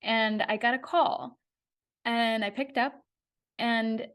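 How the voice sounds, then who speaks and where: Speaking slowly in a voice on the high side, the podcast host shares her own story. The monologue stays candid and conversational, and her retelling is animated.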